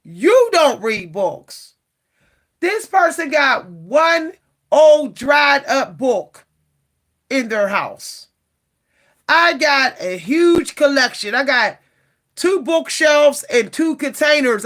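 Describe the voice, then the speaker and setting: Bright, animated woman venting to camera. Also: sits high, slow. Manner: animated, exasperated, often repeats herself and addresses viewers directly. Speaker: vlogger. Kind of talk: casual talk to camera.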